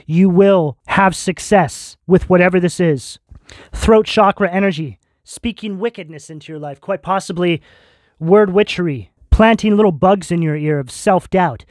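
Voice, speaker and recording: A man's voice: high voice, moderate pace, darkish tone, no echo, clean studio sound. A man giving a tarot reading straight to his viewers, earnest and reassuring, with lots of spiritual terms. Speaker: tarot reader.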